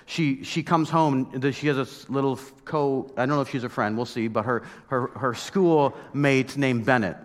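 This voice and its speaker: Animated preaching man in a reverberant hall. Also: mid-range voice, moderate pace, hardly any pauses. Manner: conversational, animated storytelling with mock outbursts. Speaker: pastor. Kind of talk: sermon.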